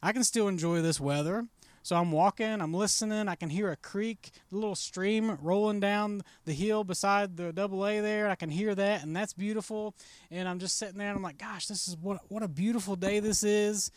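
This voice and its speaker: A man's voice: high voice, brisk, smooth, no echo. A man, a pastor preaching a sermon in a casual, conversational storytelling way and acting out his own thoughts as he goes.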